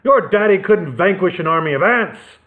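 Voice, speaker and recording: A booming, blustering knight bellows gruffly, as a man puts him on, his voice swooping wildly from line to line. The sound is thin and phone-like. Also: animated, normal speed.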